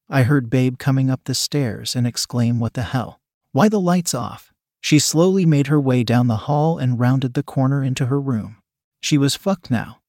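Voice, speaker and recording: A man narrating a first-person adult audio story in a steady, even way. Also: mid-range voice, dry recording, studio quality.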